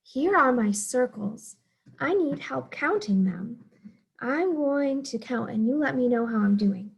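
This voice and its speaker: A woman's voice: sits high, expressive, measured pace, creaky, breathy edge, dull audio. A young woman teaching a math lesson to small children, counting aloud in an encouraging, sing-song way.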